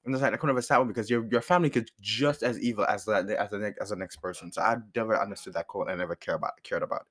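Animated, foul-mouthed man telling a story. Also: fairly low pitch, very fast, hardly any pauses. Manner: animated, profane, laughs often. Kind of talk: casual storytime chat.

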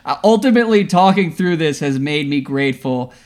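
A man's voice: fairly high pitch, expressive, brisk, darkish tone. A man co-hosting a sports podcast, rambling and self-deprecating, laughing at himself. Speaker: podcast co-host. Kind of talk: casual sports chat.

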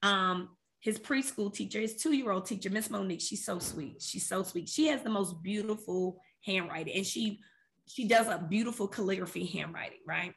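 A woman's voice: mid-range voice, normal speed, creaky. A woman co-hosting a faith podcast, talking about prayer in an earnest, conversational and emphatic way. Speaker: podcast co-host.

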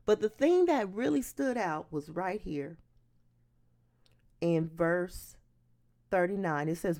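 A woman preaching with a gravelly edge to her voice, her pitch climbing and dropping all through the sermon. She reads a verse aloud and then breaks it down in a loose, conversational way. She speaks with emphatic conviction. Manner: animated, emphatic preaching that breaks into acted-out quotes.

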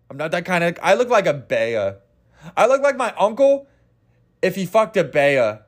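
A young man from Kansas hosts a podcast on his own, and his talking voice sits noticeably high. He rambles and swears freely, stopping often to correct himself mid-sentence. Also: very animated, moderate pace. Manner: profane, rambling, self-correcting. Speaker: podcast host. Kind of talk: casual solo podcast rant.

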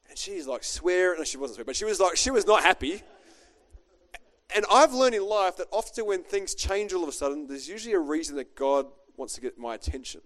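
A man's voice: on the high side, lively intonation, fairly quick, fairly bright tone. A middle-aged man, a pastor preaching a chatty, joking sermon built on a personal story.

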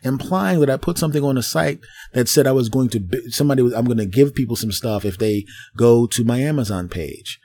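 A middle-aged man hosting a solo podcast, ranting in an animated way and acting out voices as he goes. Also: medium pitch, brisk, hardly any pauses. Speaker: podcast host.

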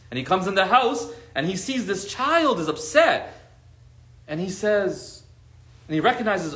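Animated man preaching in an echoey room. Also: fairly high pitch. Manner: animated, conversational, acts out quoted friends. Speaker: religious teacher. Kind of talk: lively sermon to a live group.

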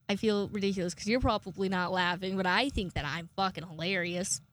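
A woman's voice: mid-range voice, normal speed. A young woman hosting her own podcast, rambling casually and swearing a lot as she laughs at her own jokes. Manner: rambling, swearing, self-amused. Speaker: podcast host. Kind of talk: casual solo podcast sign-off.

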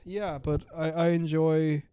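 A man's voice: fairly high pitch, little pitch movement, slow, smooth, muffled recording. Man in joking podcast banter. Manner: rambling, profane, joking. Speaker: podcast co-host. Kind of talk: casual chat.

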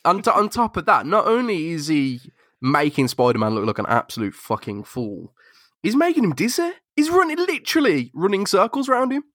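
A man's voice: sits high, wildly swooping pitch, a little fast, fairly bright tone, no echo, studio quality. A man co-hosting a comic book podcast, swearing and laughing as he chats. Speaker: podcast co-host. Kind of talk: casual comic book chat.

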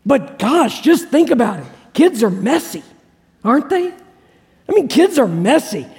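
High-voiced pastor preaching in a reverberant hall. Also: male voice, big pitch swings, a little slow, a little mellow. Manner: conversational, repeats key phrases, asks congregation questions. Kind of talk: sermon.

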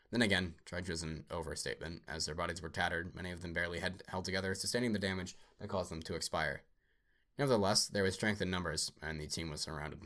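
A man reading a science fiction story aloud at a steady pace, with small slips. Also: deep voice. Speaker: narrator.

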